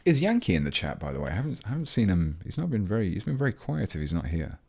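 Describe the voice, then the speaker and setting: An English man with a very low voice chats through a livestream at his workbench. He rambles easily as he works, breaking off to greet viewers and answer their comments. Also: sing-song, quick pace, creaky, darkish tone, breathy edge. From England. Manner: chatty, rambling, reads chat aloud mid-task. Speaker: hobby livestream host. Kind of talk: casual livestream chat while building models.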